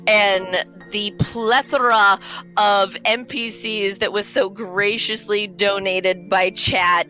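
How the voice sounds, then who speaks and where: A woman's voice: medium pitch, fairly even intonation, takes it slowly, bright, forceful tone, highs cut off, soft background music. A woman narrating as game master in a tabletop game, often laughing as she describes the scene.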